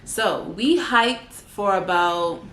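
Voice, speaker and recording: A woman's voice: medium pitch, drawn-out words. A young woman telling a personal story in a casual vlog, chatty and full of fillers. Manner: chatty, animated, many fillers. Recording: echoey room, faint background noise.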